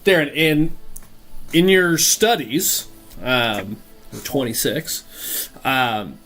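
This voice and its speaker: A man narrating a tabletop game as game master. He often pauses to search for words, his pitch sits in the middle, and faint music plays underneath. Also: expressive, a bit bright. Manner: halting, searching for words, filler-heavy.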